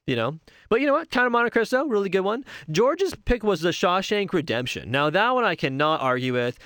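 An enthusiastic young man talks on his own in a relaxed, rambling way, often stopping to correct himself. His voice sits a little high and sounds smooth and clear. The sound is dry and close, with no room echo. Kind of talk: casual solo talk about favorite movies.

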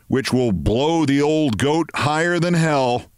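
A man voicing a meek, prim middle-aged office clerk who speaks quietly and drily, in a read-aloud story. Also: on the high side, slow, smooth, dry recording, pitched above the performer's own voice. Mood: deadpan. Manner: quiet, calm and dry.

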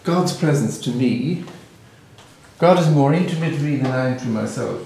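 A man with an Irish accent, a native Gaelic speaker, giving a reflective spiritual talk in a musing, gently humorous storytelling manner. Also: medium pitch, expressive, normal speed, vocal fry, a little hiss or hum. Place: hall with a live audience. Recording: very echoey hall, mic far off.

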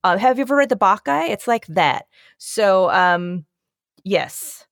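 A woman from Northeast Philadelphia, hosting a podcast, talking excitably and theatrically, rambling in casual chat. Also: mid-range voice, unhurried, creaky, no room sound, clean studio sound. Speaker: podcast host.

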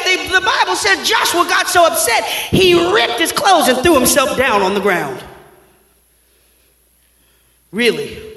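High-voiced fervent preacher. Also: male voice, sing-song, unhurried, pauses often. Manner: fervent, shouting, slangy storytelling. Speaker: pastor. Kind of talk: sermon. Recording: echoey hall with long reverb.

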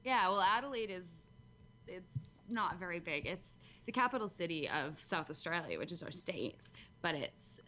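A woman's voice: lowish voice, big pitch swings, moderate pace, sharp tone, a little hiss or hum. A woman guest on a podcast, chatting casually and laughing often, speaking into a headset mic. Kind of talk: casual chat.

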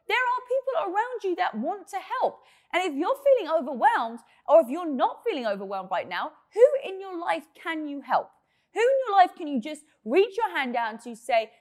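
Female motivational speaker, high pitch, upbeat, emphatic delivery. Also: big pitch swings, moderate pace. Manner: upbeat, emphatic, filler-heavy pep talk. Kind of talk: motivational monologue.

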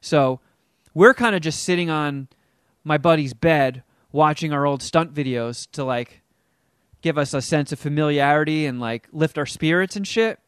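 A middle-aged man casually telling a story on a podcast, animated and acting out the people he quotes. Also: normal speed, clean tone, no room sound, studio quality. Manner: animated, acts out quotes with big pitch jumps.

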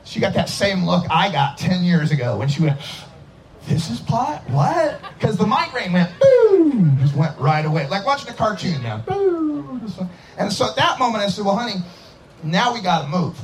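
A middle-aged man from Idaho telling a lively, animated personal story and acting out the people he quotes. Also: fairly quick, poor audio. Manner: lively, acts out quotes with big pitch swings. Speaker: cannabis activist speaker. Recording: outdoor festival with faint ambient noise.

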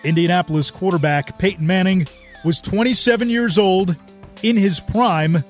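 Brief: male documentary narrator, slightly high voice, steady read, light music beneath. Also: normal speed.

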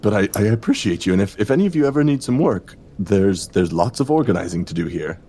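A man running a tabletop fantasy game as game master, narrating in a relaxed, halting way with many restarts. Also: fairly low pitch, slightly rough.

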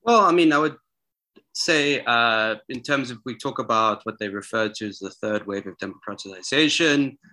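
A man's voice: mid-range voice, normal speed, pushed and bright. A man from South Africa, a history scholar, giving sardonic, long run-on answers as a podcast guest over a remote call. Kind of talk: casual interview.

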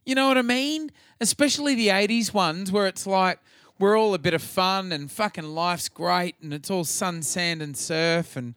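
A man's voice: high voice, moderate pace, fairly bright tone, smooth, no echo. Aussie guy cracking crude jokes on a podcast, dry close mic. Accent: Australian. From Australia. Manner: crude, swearing, joking banter. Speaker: podcast co-host. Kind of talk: casual chat.

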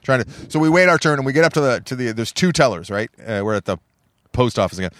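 A man's voice: medium pitch, animated, fast, fairly bright tone. A man hosting a podcast, telling a rambling story and acting out the people in it. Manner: rambling storyteller, acts out quotes. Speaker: podcast host. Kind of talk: casual chat.

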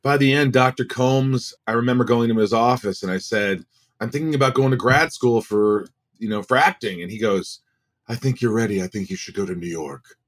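A man in his forties, a guest actor, telling stories in a casual, animated way and acting out the voices he quotes. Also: medium pitch, normal speed. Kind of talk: casual storytelling.

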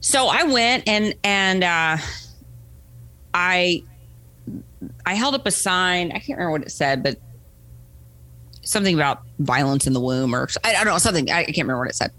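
This woman, an American interview guest, is storytelling conversationally, lively as she mimics quoted voices and frequently says "right?". Her voice is lowish, her speed normal, and she pauses often; there is no room sound.

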